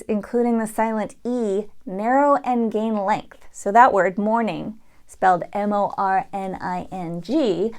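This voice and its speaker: Woman teaching sounds. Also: mid-range voice. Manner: demonstrates sounds, switching in and out of an Irish accent. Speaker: accent coach. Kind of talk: dialect tutorial.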